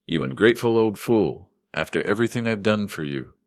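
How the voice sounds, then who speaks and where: A man's voice: on the low side, very animated, measured pace, pitched above the performer's own voice. A man voicing a manipulative son-in-law who snarls with contempt. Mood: snarling.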